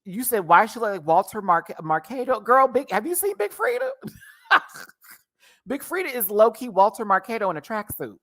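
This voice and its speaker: A man's voice: sits high, big pitch swings, normal speed, pushed and bright. A man casually reviewing a drag show on a livestream, sassy and slangy, laughing often and playfully exaggerating.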